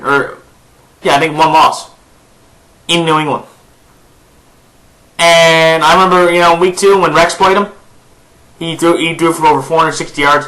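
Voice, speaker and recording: Bright-voiced upbeat male sports vlogger. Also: fairly high pitch, poor audio. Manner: chatty, upbeat, with frequent fillers and restarts. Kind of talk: casual picks commentary to camera.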